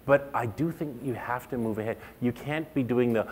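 A middle-aged man leading an interactive workshop, talking to the room in an animated way and acting out the remarks he quotes. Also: mid-range voice, normal speed, hardly any pauses, slight background noise. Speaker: workshop presenter.

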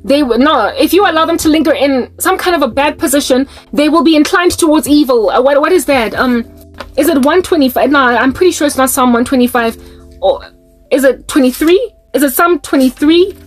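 South African woman, high voice, impassioned and pleading, faith monologue, faint music behind. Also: fairly quick. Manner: impassioned, pleading, restarts mid-sentence. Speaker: Christian vlogger.

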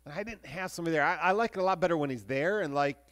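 Pastor, male, high-pitched, conversational sermon delivery with restarts and hushed stretches. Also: rapid-fire. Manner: conversational preaching with restarts, shifting between lively and hushed.

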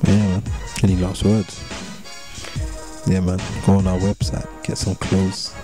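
A man's voice: sits low, completely flat delivery, measured pace. A young English man, a rapper, chatting casually in an interview with a London street accent and heavy slang, repeating himself in a laid-back way. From England. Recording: music playing under voice.

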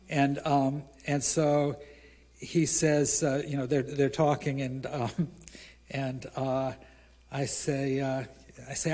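An American man, a featured author, tells a rambling live anecdote at a museum event, acting out the dialogue with bursts of shouting. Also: mid-range voice, takes it slowly. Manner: animated, acts out dialogue with rising shouts; rambling with many fillers.

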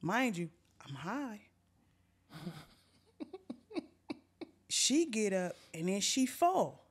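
A woman's voice: mid-range voice, very slow, husky. A young woman hosting a podcast, telling a funny story in a casual, profane way and acting out the other people's voices. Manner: animated and profane, acts out voices. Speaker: podcast host.

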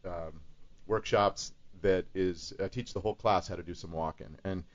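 A voice actor guesting on a radio talk show chats about how to build voice impressions and demonstrates them. His voice is low and steady at a normal speed, heard through a dull lo-fi radio broadcast.

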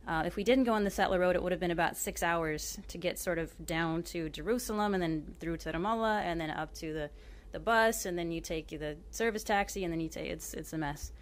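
A woman's voice: on the low side, fairly quick, hardly any pauses. A woman from Oklahoma giving a book talk, telling her travel story in a chatty, self-deprecating way with lots of fillers and a short reading. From Oklahoma, USA.

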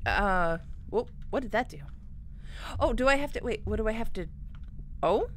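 A young woman giving let's-play commentary, excitable and gushing, thinking out loud as she plays. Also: a little high, moderate pace, a little hiss or hum. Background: game background music.

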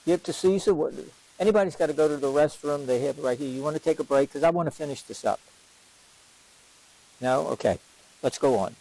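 A man leading a parish Bible study as its teacher, questioning his class and repeating key lines for emphasis in an unhurried classroom lecture. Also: a little high, mellow, low-quality recording. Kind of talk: lively classroom lecture on scripture.

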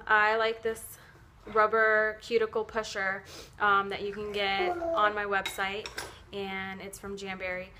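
A woman with a bright, clear-toned voice talks through a casual at-home tutorial. She rambles chattily, fills pauses with "um," corrects herself and laughs at her own slips. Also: a little high. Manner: chatty, rambling, many fillers and self-corrections. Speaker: nail wrap seller demonstrating at home.

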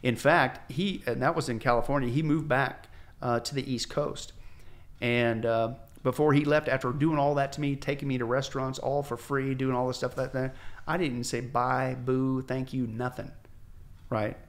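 A male pastor from the United States, guest on a podcast, telling his conversion story in an animated way, acting out the voices of people he quotes, with frequent restarts. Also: medium pitch, normal speed. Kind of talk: candid testimony storytelling. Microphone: podcast microphone.

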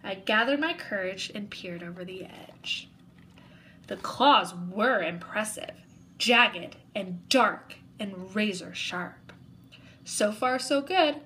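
A woman reading a children's picture book aloud in an expressive way, narrating as a young boy. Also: mid-range voice, slow, slight background noise, rough recording. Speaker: storybook reader.

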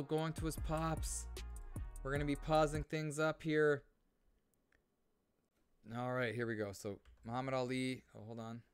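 A man's voice: mid-range voice, clean tone, no room sound. A man hosting a casual gaming livestream, chatty and reading viewer comments aloud as he talks. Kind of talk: casual live-stream chat.

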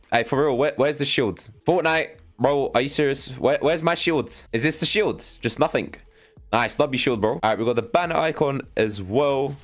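Excitable young man reacting, lively pitch. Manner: casual, excitable, slangy, says "bro" a lot. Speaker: gaming channel host. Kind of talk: excited game reaction commentary.

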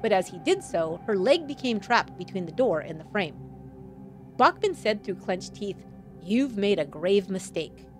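A woman's voice: medium pitch, big pitch swings, moderate pace, faint music behind. A woman hosting a true crime podcast, reading a scripted account with wry asides thrown in. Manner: wry asides between dramatic retelling.

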